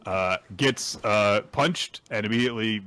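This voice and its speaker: A man's voice: on the low side, unhurried, bright, forceful tone, smooth. A man hosting a podcast, casually and animatedly retelling manga chapters and laughing along. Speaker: podcast host.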